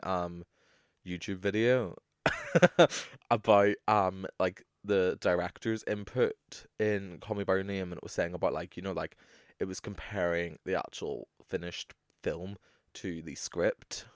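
A young man co-hosting a podcast, talking in a chatty, animated way that is full of swearing. His voice sits fairly low, and the recording is dry and close. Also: a little slow, no echo. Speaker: podcast co-host. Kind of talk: casual chat.

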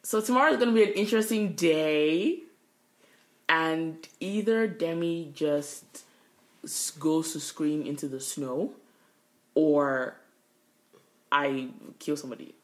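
A woman's voice: low voice, slow pace, pauses often. A young woman co-hosting a podcast, telling a work story in casual chat, swearing freely as she vents. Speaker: podcast co-host. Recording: echoey room.

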